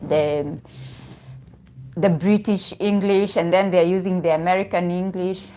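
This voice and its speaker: A woman's voice: lowish voice, fairly even intonation, a little slow, mellow. A young woman with a Kenyan accent chatting casually on a live stream, laughing often and restarting her phrases. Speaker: vlogger.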